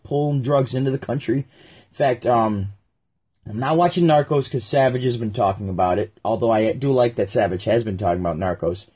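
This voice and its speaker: A man's voice: mid-range voice, warm tone, husky. A man giving rambling, sarcastic commentary while reacting to a video and reading aloud. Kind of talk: casual commentary vlog.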